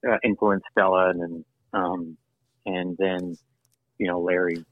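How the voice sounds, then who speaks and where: A man's voice: sits low, a little slow, no room sound. Man on a tinny phone-like line. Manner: animated, laughs often, many restarts. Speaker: actor and producer, interview guest. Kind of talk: casual interview conversation.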